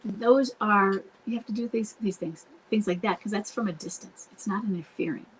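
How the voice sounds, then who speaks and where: A woman's voice: medium pitch, moderate pace, slight background noise, rough recording. A woman coaching spouses in a live online Q&A, talking earnestly and directly and breaking off to act out what to say. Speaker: marriage coach answering viewer questions. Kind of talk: live Q&A advice talk. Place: home, streamed live online.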